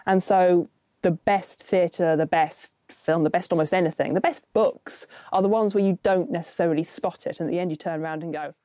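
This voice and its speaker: A woman talks about her writing in a relaxed interview, wry and self-deprecating. Her voice is low and mellow, and the studio sound is dry. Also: fairly quick, no room sound. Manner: dry, self-mocking humour. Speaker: novelist guest. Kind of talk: casual interview chat.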